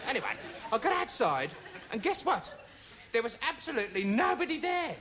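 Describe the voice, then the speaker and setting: A man's voice: very high voice, very animated, fairly quick, some chatter behind, heavily acted. An actor playing a dim, rambling young man who calls himself an investigator, talking in a digressive TV sketch comedy monologue full of "you know" and "right". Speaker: comic character monologue. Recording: noisy early 1980s TV audio with loud studio audience laughter.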